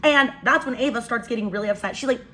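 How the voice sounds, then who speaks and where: Give me a fairly high-voiced woman in her twenties telling a dramatic storytime. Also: rapid-fire. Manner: animated, exasperated storytelling. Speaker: vlogger. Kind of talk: storytime while doing makeup.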